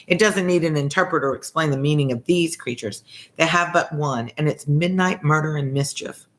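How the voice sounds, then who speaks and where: A prim and loyal middle-aged governess, brisk and emphatic, read aloud by a woman in a low voice. She fusses and insists as she talks, in a plain storybook reading. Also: natural voice.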